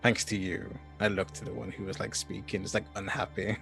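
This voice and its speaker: A man's voice: lowish voice, level tone, fast, creaky, a bit bright, soft background music. A man playing in a tabletop game, describing his character in a casual way full of fillers. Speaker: player. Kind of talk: tabletop role-play chat.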